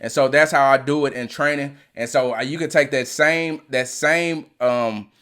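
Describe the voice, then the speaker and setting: A man, an athletic trainer and podcast host, giving an animated motivational talk and often restarting his phrases. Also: medium pitch, normal speed, clean tone.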